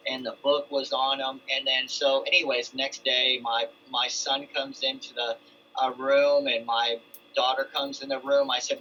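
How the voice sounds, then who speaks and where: Middle-aged guy rambling through his story, lots of restarts, bright edgy voice, faint hum behind him. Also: medium pitch. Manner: rambling, with many restarts and asides. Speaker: guest telling his testimony. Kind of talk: casual storytelling testimony. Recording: dull lo-fi sound with faint ambience.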